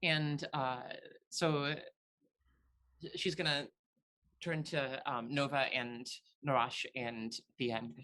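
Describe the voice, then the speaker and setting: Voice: mid-range voice, steady tone, slow, pushed and bright. A tabletop game player describing their character's actions, hesitant with many fillers.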